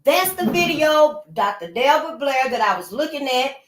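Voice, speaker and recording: A woman's voice: sits high, lively intonation, moderate pace, a little hiss or hum. A woman hosting her channel, talking casually to her audience, often repeating herself and trailing off mid-thought. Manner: loose, conversational, trailing off and repeating phrases. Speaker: channel host. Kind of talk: casual spoken commentary.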